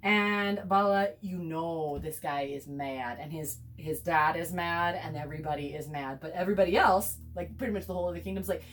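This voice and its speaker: A woman's voice: lowish voice, moderate pace, hardly any pauses, far from the mic, a little hiss or hum. An American woman casually recapping a film, chatty and sarcastic, with many fillers and whispered asides. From United States. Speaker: teacher explaining a film.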